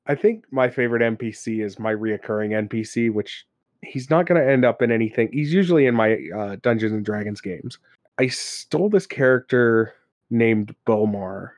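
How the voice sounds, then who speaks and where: A man telling stories from his tabletop games on a podcast. He is animated, laughs often and slips into character voices. His voice sits mid-range and the sound is dry and close. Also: medium pitch, no room sound, dull audio. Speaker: podcast co-host and game master. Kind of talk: casual chat about tabletop games.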